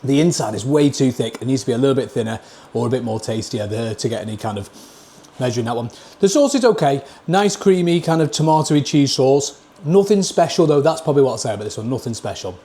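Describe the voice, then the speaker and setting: A man's voice: mid-range voice, animated, fast, mellow. Man, Northern English accent, blunt plain talk, casual food vlog, camera mic at a table. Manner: blunt, plain-spoken, scores each dish out of ten. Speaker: food reviewer.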